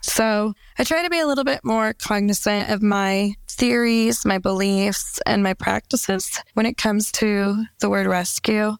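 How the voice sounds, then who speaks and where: A woman with a heavy vocal fry reads a reflective personal essay. She is measured and thoughtful. The recording is dry and close. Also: mid-range voice, fairly even intonation, dry recording.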